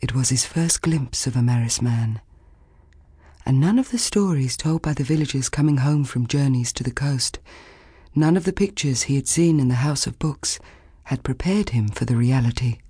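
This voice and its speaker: A woman narrating a children's fantasy audiobook in a measured, expressive storytelling manner, recorded close in a studio. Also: extremely low pitch, slightly rough, no room sound. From Australia. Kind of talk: scripted narration.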